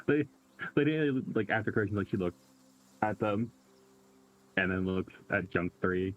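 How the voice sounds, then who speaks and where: Man, tabletop player, low voice, rambling, faint background hum. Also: expressive, normal speed, lo-fi sound. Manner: rambling, full of "like". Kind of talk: casual tabletop game chat.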